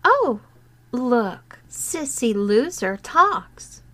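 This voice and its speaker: Woman reading as a cruel schoolgirl bully, taunting, slow and a bit high, storybook reading. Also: sing-song, pushed and bright, heavily acted. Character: mocking teenage girl bully, cruel.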